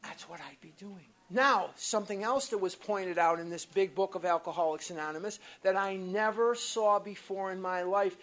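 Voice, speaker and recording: Speaking to a live crowd at a recovery workshop, this American storyteller stays blunt and energetic, tossing in light cursing and asides. The middle-pitched voice runs at normal speed with hardly any pauses, in a meeting room.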